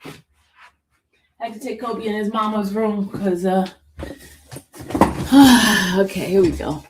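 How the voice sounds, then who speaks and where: A woman streamer chatting casually to her viewers and her dog, animated and full of exclamations. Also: medium pitch, a little slow, a little hiss or hum. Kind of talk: casual live stream chat.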